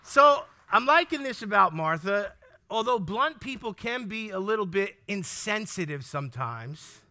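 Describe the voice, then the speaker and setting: A man's voice: sits high, sing-song, measured pace, sharp tone. A man preaching a sermon, speaking emphatically, firing questions at the congregation, repeating key lines and stumbling over words when worked up.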